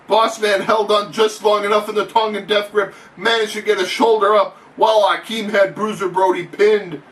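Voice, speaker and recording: A man doing excitable, profane mock wrestling play-by-play commentary in an announcer's patter. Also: sits high, moderate pace, far from the mic. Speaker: channel host. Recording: echoey room, off-mic, faint noise.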